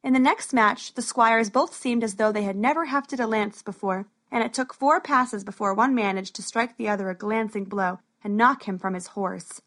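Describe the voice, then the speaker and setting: A woman narrating a storybook in a steady, even way. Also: a little high, normal speed, few pauses.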